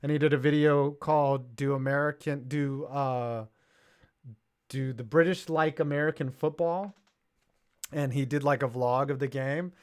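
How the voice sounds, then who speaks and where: A man's voice: medium pitch, fairly even intonation, unhurried, darkish tone, smooth. A young man co-hosting a sports podcast, casual and sarcastic, reading viewer messages aloud. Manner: jokey, sarcastic, reads viewer chats aloud. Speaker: podcast co-host.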